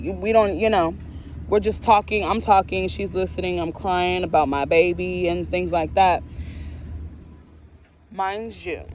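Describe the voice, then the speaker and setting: A young woman, a storyteller vlogger, shares a personal story in a casual, candid, profane way, full of emotion. Her voice sits lowish, and the recording is muffled with slight background noise.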